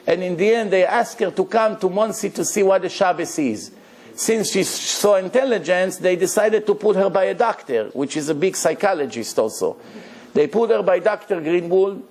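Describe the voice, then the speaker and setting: Animated rabbi giving a Torah lecture. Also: male voice, high voice. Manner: animated storytelling with rhetorical questions; non-native English grammar.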